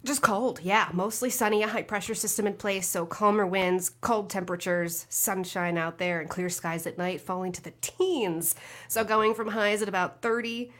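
A woman's voice: medium pitch, fairly even intonation, moderate pace, a bit bright. A woman meteorologist giving a casual, chatty weather forecast on a morning radio show.

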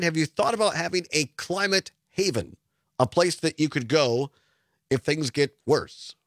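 Higher-voiced talk radio host. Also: male voice, normal speed, a bit bright, no echo, studio quality.

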